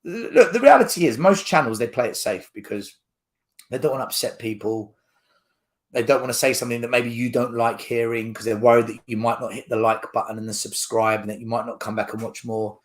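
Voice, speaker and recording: A man with a mid-range voice speaks fairly quickly while hosting a football fan channel. He rants to camera with his opinions, blunt and argumentative.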